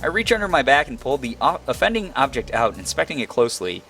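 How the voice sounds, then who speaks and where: A young man reading a visual novel aloud as its narrator, breaking off into animated, self-mocking commentary. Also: mid-range voice, fast talker, slight background noise. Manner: animated, laughing asides between read lines. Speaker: game streamer.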